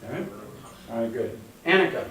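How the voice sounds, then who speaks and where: In an echoey classroom with a faint hum, a room mic far from the speaker captures a male Hebrew teacher. His medium-pitched voice is expressive, brisk and fairly bright as he patiently explains step by step and calls on students.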